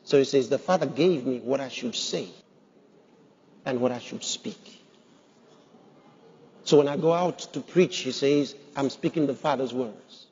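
Emphatic preacher in a reverberant hall. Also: male voice, medium pitch, unhurried, pauses often, darkish tone, slightly rough. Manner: emphatic preaching, rhetorical questions to the congregation. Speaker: pastor. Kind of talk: sermon. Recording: dull sound with long hall reverb.

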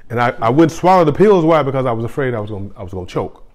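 A man's voice: mid-range voice, very animated, racing, a little mellow. A middle-aged man, a pastor, giving a sermon in a conversational way, often repeating phrases and restarting.

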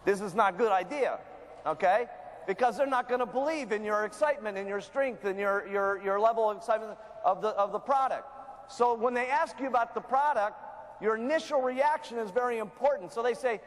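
A man with a strikingly high voice runs a motivational sales training. He is emphatic and salesy, pushing each point and checking in with his listeners. His voice rings with the long reverb of a big hall. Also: a little fast. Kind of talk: motivational business training talk.

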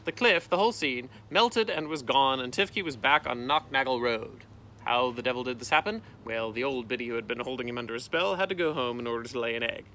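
A man, a teacher, reading a storybook aloud outdoors, with lively voices for the characters and a gentle sign-off. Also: medium pitch, a little fast, a little hiss or hum. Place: outdoors in a canoe.

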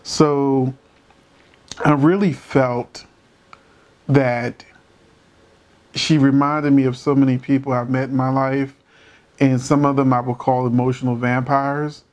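A man's voice: mid-range voice, little pitch movement, slow pace, long pauses, a little mellow. A man giving casual, emphatic commentary on a couple's dispute, with rhetorical questions and a struggle not to curse. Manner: holds back from cursing. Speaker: commentator reacting to a court show.

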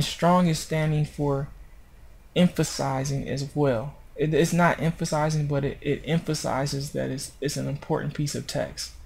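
A man's voice: on the high side, vocal fry, a little mellow. A man narrating a screencast tutorial on web design, explaining step by step in an informal way and correcting himself as he goes.

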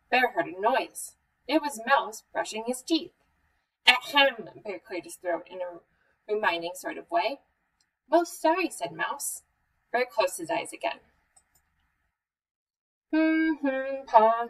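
A woman hosting a children's story time, reading a picture book aloud in a gentle, measured way. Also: medium pitch, slightly rough. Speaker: museum story time host. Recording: voice a bit far from the mic.

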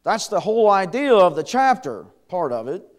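A man's voice: high voice, big pitch swings, normal speed. A middle-aged man, preaching a conversational sermon in a church, with chuckles and fillers. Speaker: pastor. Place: church sanctuary.

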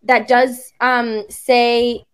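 Slow-speaking woman. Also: fairly high pitch, level tone, smooth. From Puerto Rico. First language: Spanish. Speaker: English tutor. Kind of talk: casual conversation lesson on a video call.

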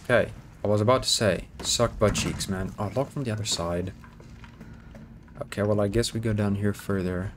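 A man with a fairly low voice narrates his horror game run in excitable let's-play commentary. He swears at monsters, jokes to himself and pleads out loud for healing items. Steady noise runs under the recording. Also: normal speed. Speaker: gaming YouTuber.

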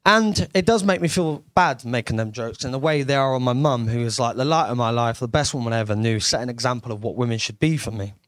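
A man's voice: mid-range voice, fast, few pauses, fairly bright tone, no room sound. A young man doing a brash, sweary stand-up comedy set on a club stage.

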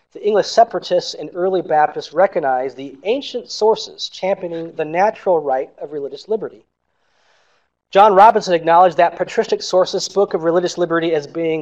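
A man's voice: on the high side, darkish tone. A man presenting an academic paper, reading steadily and marking each quotation aloud. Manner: measured reading with quotes marked aloud. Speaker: scholar presenting a conference paper. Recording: dull lo-fi recording.

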